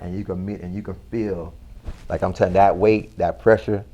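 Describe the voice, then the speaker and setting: Male guest with a low voice, recounting his past earnestly and casually. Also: steady tone, warm tone. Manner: earnest, slow storytelling with casual slang. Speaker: interview guest. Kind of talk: personal testimony in an interview.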